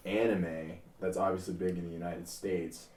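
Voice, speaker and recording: A man in casual podcast banter, rambling and excitable, swearing freely. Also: sits low, moderate pace, roomy sound.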